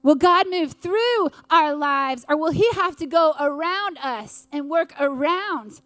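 A woman preaching an earnest sermon with dramatic pauses. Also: high-pitched, lively intonation, fairly bright tone, no room sound.

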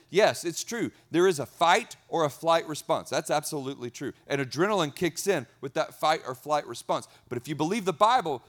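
A man's slightly high voice carries an energetic sermon. He repeats key words for emphasis, and his volume swings between loud and soft as he preaches. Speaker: pastor.

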